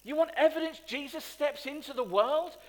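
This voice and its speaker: In a very high-pitched voice and at a moderate pace, a man preaches with animation, questioning his congregation and pushing to emphatic climaxes. The recording has long hall reverb.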